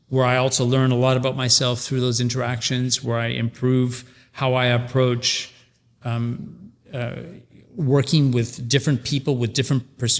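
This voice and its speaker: A man's voice: medium pitch, long reverb tail. A man in his sixties hosting a podcast, talking reflectively with frequent restarts as he searches for words. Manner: thoughtful, searching, many restarts. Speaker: podcast host. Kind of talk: casual conversational interview.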